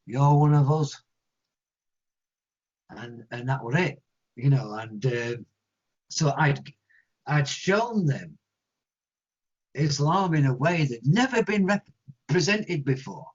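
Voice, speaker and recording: A man with an English accent, a guest musician telling stories in an interview, animated and acting out other people's voices. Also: mid-range voice, takes it slowly, pauses often, breathy edge. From England. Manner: animated storyteller, acts out quoted voices. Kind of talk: storytelling interview answers. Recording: lo-fi muffled audio.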